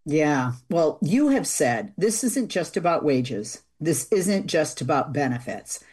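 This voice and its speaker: Woman, talk show host, low voice, husky, chatty with fillers. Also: very animated, slow, darkish tone. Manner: chatty, many fillers and restarts. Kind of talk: casual radio interview.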